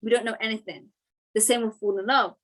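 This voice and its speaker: A woman's voice: on the high side, fairly even intonation, a little fast, fairly bright tone, poor audio. Woman teaching a grammar lesson. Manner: explains step by step, checks in with "right?" and "okay".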